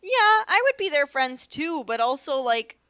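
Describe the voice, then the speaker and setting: A woman's voice: sits high, very animated, unhurried, pushed and bright, no echo, highs cut off. Giggly woman podcast host, dry sound. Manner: chatty, giggly, gushing. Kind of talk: casual chat.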